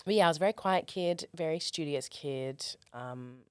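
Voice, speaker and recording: A young Australian performer telling stories in a casual interview, animated and comic, acting out quoted voices. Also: female voice, sits low, moderate pace, smooth, no echo, studio quality. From Australia, Perth. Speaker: guest, performer.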